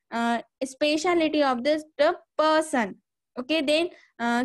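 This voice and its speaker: A woman teaching a grammar lesson, explaining step by step and saying "okay" again and again. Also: high-pitched. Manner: repeats "okay" and "see here" often, explains step by step.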